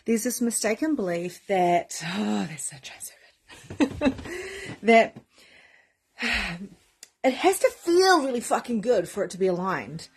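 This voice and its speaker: A woman's voice: fairly high pitch, very animated, a little slow, pauses often, slight background noise. A woman spiritual coach on a casual, effusive live stream who talks straight to her viewers, greets commenters by name and swears freely. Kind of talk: live-streamed motivational talk.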